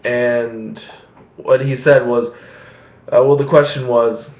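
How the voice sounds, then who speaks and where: A man's voice: medium pitch, steady tone, takes it slowly. A young man rambling casually and profanely in a home vlog, laughing often and mocking what he heard. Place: small room at home. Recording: echoey room, dull lo-fi sound.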